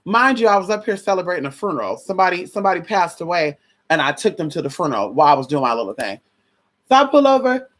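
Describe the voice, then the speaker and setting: A woman vlogger casually telling a story to a viewer, sassy and slangy, acting out what people said. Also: fast talker. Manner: sassy, animated, slangy, swings pitch widely acting out quotes. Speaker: vlogger giving advice.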